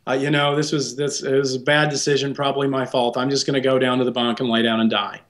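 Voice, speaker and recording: A man's voice: medium pitch, level tone, fast talker, a bit bright, natural voice. A man voicing a hopeless, sad inner self who has given up. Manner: defeated, resigned.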